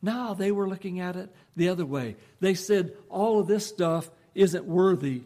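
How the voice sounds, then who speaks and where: A male preacher delivers a sermon in a folksy, conversational way. He talks to the congregation as if chatting with them. His voice sits a little higher than most men's. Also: normal speed, warm tone.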